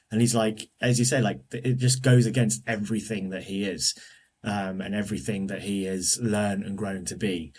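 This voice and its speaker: A guest on a casual podcast discussion, this man speaks enthusiastically, often restarting sentences and using plenty of fillers. His voice is fairly low, steady, darkish and husky, at a moderate pace.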